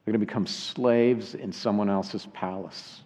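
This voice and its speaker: A man preaching a sermon earnestly, slowing down to weigh key phrases. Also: fairly low pitch, steady tone, darkish tone. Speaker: pastor. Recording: dull sound with long hall reverb.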